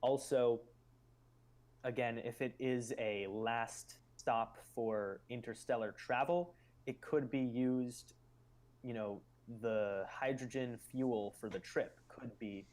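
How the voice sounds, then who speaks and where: A man's voice: medium pitch, slow pace, a little mellow. A man hosting a live stream, explaining ideas in casual chat and musing aloud with loose fillers.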